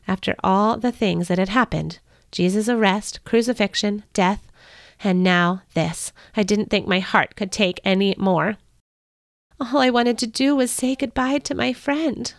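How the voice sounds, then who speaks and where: A woman's voice: medium pitch, a little slow, vocal fry, no room sound, studio quality. Earnest woman narrating a Bible story. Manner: earnest and expressive. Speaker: podcast host and storyteller. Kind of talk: first-person scripted Bible story narration.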